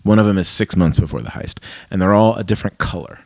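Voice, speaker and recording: A man in his forties, a pastor, chatting casually and acting out remembered conversations in a soft voice. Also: deep voice, quick pace, vocal fry, no room sound. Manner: storytelling, acts out dialogue softly. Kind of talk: casual podcast chat.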